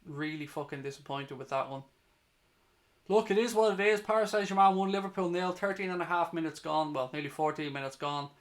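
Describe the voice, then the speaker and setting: Lad ranting through live football reaction, swears a lot, slightly high-pitched voice. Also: male voice, a little fast. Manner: sweary, heated, ranting between play-by-play. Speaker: fan channel host. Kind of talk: live match reaction commentary.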